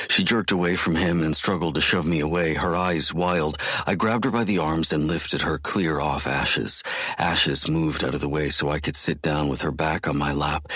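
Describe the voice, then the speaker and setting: A man narrating a first-person romance audiobook in a low, intense voice. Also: fairly bright tone, dry recording, clean studio sound. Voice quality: very deep, husky.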